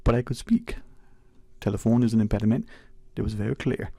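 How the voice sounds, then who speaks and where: Gravelly, husky man hosting. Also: fairly low pitch, steady tone, brisk, dark tone, no echo. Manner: musing, roundabout questions. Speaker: radio talk show host. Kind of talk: casual radio interview.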